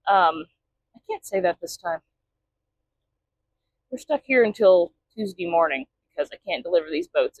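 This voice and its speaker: A woman's voice: mid-range voice, muffled recording. A woman truck driver chatting casually in a vlog from inside her truck cab, often talking to her cat.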